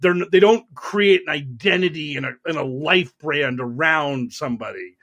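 A man co-hosting a casual political chat, sarcastic and animated, mocking others in put-on voices. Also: on the high side, normal speed, highs cut off. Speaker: podcast co-host.

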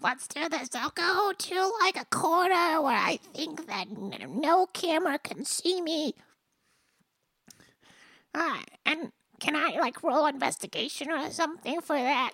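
A woman playing a tabletop game, playful and quick with asides. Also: sits high, a bit bright, no room sound. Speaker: player. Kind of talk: tabletop game play, casual chat.

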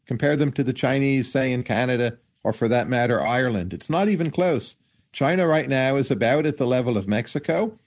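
Man, economist guest on a podcast, measured and analytical delivery. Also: medium pitch, animated. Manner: measured, analytical, hedging with hypotheses. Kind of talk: podcast interview answers.

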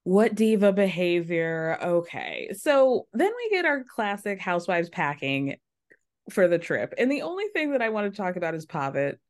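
A woman hosting a podcast, recapping a reality show in casual, animated, gossipy chat. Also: fairly low pitch, normal speed. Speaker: podcast host.

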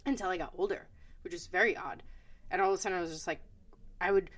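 A woman's voice: mid-range voice, animated, fast, fairly bright tone. A woman co-hosting a podcast in casual chat, blunt and frank and swearing freely. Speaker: podcast co-host.

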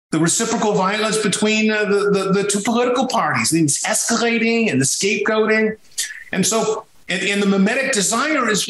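A man's voice: sits high, lively intonation, normal speed, fairly bright tone, roomy sound, rough recording. A man from Sicily talking as a podcast guest, telling his story emphatically with frequent restarts. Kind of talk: conversational podcast interview.

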